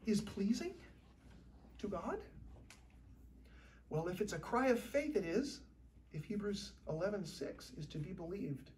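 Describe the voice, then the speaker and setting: Animated woman preaching, a bit distant. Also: mid-range voice, unhurried, pauses often. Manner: conversational, lively preaching with shifting loudness. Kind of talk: sermon. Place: church.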